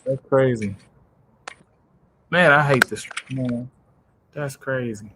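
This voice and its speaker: Male stream host, mid voice, relaxed slangy sports chat on a call. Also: medium pitch, slow, background noise. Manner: laid-back, slangy. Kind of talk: casual sports talk on a voice call. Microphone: home mic on an online call.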